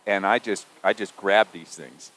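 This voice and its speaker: A man's voice: deep voice, steady tone, moderate pace, fairly bright tone, slight background noise, rough recording. Jokey man swapping old stories. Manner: jokey and reminiscing. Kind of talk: casual chat.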